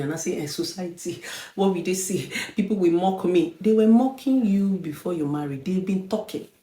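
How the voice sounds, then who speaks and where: A Nigerian woman, a relationship therapist, lecturing her online audience with scolding rhetorical questions that swing between loud and quiet. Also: lowish voice. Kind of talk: preaching-style monologue to camera. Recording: echoey room.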